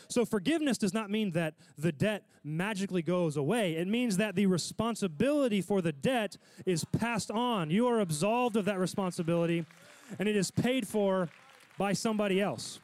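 A man's voice: high-pitched, a little mellow, no room sound. A man preaching a sermon in a casual, conversational way, often checking in with his listeners.

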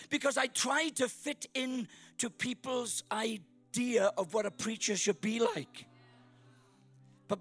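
A middle-aged Welsh man from Wales preaching as a guest speaker at a church service, joking and bursting into shouts. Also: extremely high pitch, husky. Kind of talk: sermon.

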